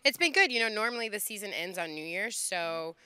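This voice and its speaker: A woman in her thirties from Ohio talks candidly and with humor in a casual interview. Her voice is very bright and clean. She keeps it loose and chatty. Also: medium pitch, lively intonation, brisk, smooth, no room sound. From USA (Ohio). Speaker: interviewee, fighter.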